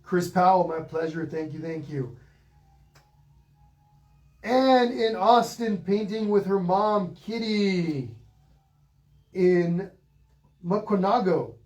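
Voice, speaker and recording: A middle-aged man, teaching a live online painting lesson in a relaxed, chatty way and reading out viewer comments as he goes. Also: high voice, slow pace, pauses often. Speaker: painting instructor.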